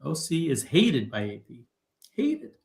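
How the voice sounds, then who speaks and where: A man's voice: medium pitch, big pitch swings, fast talker, slightly rough. A man co-hosting a casual livestream and reading chat messages, with a teasing, joking manner.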